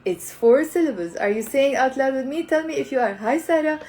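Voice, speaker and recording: A woman's voice: high voice, expressive, a little mellow, a little hiss or hum, poor audio. Upbeat woman teaching live. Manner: upbeat, coaxing, repeats words slowly for learners. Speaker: language teacher. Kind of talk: live online language lesson.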